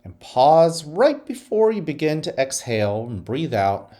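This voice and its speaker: A man gives morning announcements as principal of a school. His voice moves through a wide, lively pitch range. He talks students through calm breathing in an unhurried, soothing way before turning to upbeat school messages.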